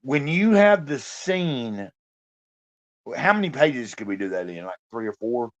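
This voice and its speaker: The audio is dull, but this man's medium-pitched voice is animated, if a little slow. Vlogging in a casual, rambling monologue, he piles on fillers and swears now and then.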